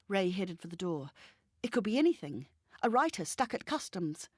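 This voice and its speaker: A woman reading a novel aloud in an even, measured storytelling manner. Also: mid-range voice, slightly rough, dry recording, studio quality. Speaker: reader. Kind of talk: scripted narration.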